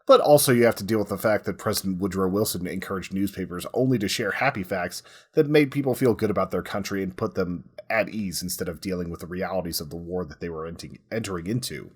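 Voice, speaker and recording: A man co-hosting a casual history podcast, explaining in a relaxed way with lots of "like" as filler. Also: low-pitched, quick pace, few pauses, slightly rough. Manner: relaxed, says "like" a lot while explaining. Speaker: podcast co-host.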